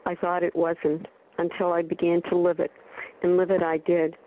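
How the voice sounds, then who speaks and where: A woman's voice: on the low side, monotone, normal speed. A woman sharing at a recovery meeting, speaking emphatically and stressing single words. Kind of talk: personal share at a phone recovery meeting. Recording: tinny phone line.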